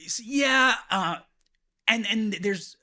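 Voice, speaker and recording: Guy guesting on a podcast, kinda high bright voice, cracks jokes. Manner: joking, teasing, fast asides. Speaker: podcast guest, fellow worship leader. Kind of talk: casual podcast conversation.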